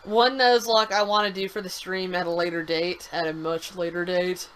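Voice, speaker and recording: A woman's voice: fairly low pitch, flat delivery, moderate pace, a bit bright, rough recording. A woman co-hosting a game stream, chatting casually with her partner and swearing now and then. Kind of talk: casual gameplay chat.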